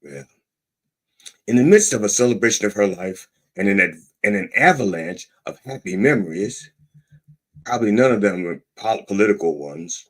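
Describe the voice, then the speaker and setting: A man as a middle-aged podcast host with a low, slightly husky voice that rises and falls in wide, lively swings. He reads news aloud, then breaks off into profane, sarcastic asides with a mock-preacher flair. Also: normal speed. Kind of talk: irreverent satirical commentary.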